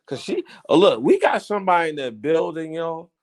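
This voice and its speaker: A man hosting a casual current-events commentary, teasing and theatrical, swinging between loud outbursts and hushed asides. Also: fairly high pitch, sing-song, fairly quick. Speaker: host.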